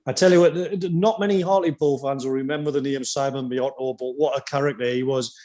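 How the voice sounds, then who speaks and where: A man hosting a podcast, telling lively casual stories about former teammates with quoted asides. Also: medium pitch, fast talker. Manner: animated anecdotes with quoted asides. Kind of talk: casual storytelling chat.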